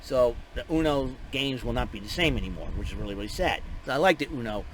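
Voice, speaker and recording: A man giving a casual, rambling spoken recap, excitable and full of restarts and fillers. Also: medium pitch, fast talker, a little hiss or hum, rough recording. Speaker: show recapper.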